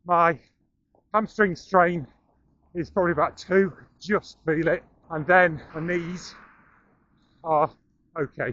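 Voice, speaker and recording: An action camera carried on the run catches a middle-aged vlogger, slightly out of breath, commenting dryly and self-deprecatingly as he jogs through town and across a bridge. The voice is fairly high and fairly bright, and the lo-fi sound carries slight background noise.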